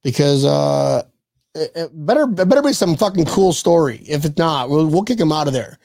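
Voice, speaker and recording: A man hosting a casual sports podcast stream, loud and crude, laughing often as he jokes with his co-host. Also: on the high side, expressive, moderate pace, creaky, no room sound, studio quality. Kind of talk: casual banter livestream.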